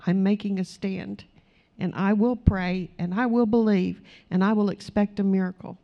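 A woman's voice: medium pitch, steady tone, normal speed, gravelly, lo-fi sound. A woman preaching an earnest sermon to her congregation, urging them and acting out short prayers as she speaks. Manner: earnest, exhorting, acts out quoted prayers.

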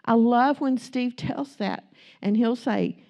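A woman's voice: on the high side, takes it slowly, creaky, warm tone, dull audio. A middle-aged woman giving a sermon-style testimony to a congregation, chatty and candid, telling stories about her family. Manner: storytelling, chatty and candid, acts out quotes. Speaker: pastor's wife speaking to a congregation.

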